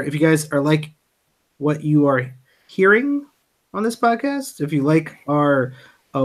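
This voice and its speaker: A man hosting a podcast in casual chat, talking loosely with lots of fillers. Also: medium pitch. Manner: loose, filler-heavy talk. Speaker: podcast host.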